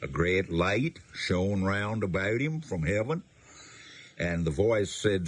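A man's voice: low voice, expressive, takes it slowly, husky. A man teaching a Bible passage, reading verses aloud and explaining them in plain, conversational words. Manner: reads scripture aloud, then explains it in plain talk.

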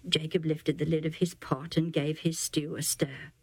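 Woman storyteller, animated, lowish voice, faint music bed. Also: moderate pace, few pauses, breathy edge, no room sound. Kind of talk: bible story narration.

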